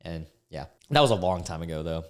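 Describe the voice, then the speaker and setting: A young man hosting a casual online video, reacting to posts in a halting way and often stumbling and restarting his words. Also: deep voice, animated. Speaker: YouTube reaction host.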